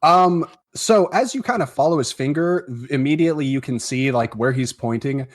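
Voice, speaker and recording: A man narrating as game master in a tabletop game, at a middling pitch. He talks in a relaxed, meandering way, full of fillers and hedges. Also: normal speed.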